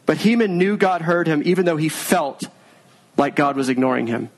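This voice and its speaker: An earnest male pastor preaching in a conversational, unhurried way. His voice sits a little high for a man. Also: poor audio. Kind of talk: sermon.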